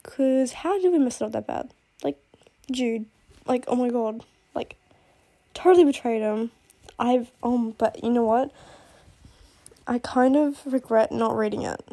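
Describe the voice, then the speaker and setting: A young woman vlogs casually about her favourite books, gushing and rambling with endless fillers. Her voice sits a little high and is soft and mellow in tone. She is sick and coughs now and then. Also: a little slow, long pauses. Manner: gushing and rambling, full of "like" and "oh my god". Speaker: book vlogger. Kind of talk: casual chat.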